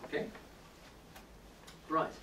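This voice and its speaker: A man's voice: extremely slow, sharp tone. Man lecturing in an echoey room. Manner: explanatory, often checks in with the audience. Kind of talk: public talk on poetry. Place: indoor room with a live audience. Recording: roomy, distant, faint hiss.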